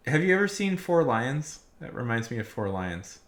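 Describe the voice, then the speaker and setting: A young man streaming live, chatting casually and rambling with many fillers, getting loud when he rants. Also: mid-range voice, big pitch swings, normal speed, hardly any pauses.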